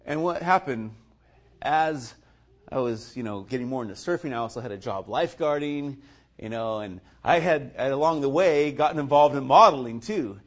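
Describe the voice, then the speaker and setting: A man's voice: medium pitch, moderate pace. A man sharing a personal faith testimony in a casual storytelling way, chuckling often and talking loosely with lots of fillers. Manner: acts out other people's lines in lively quoted voices.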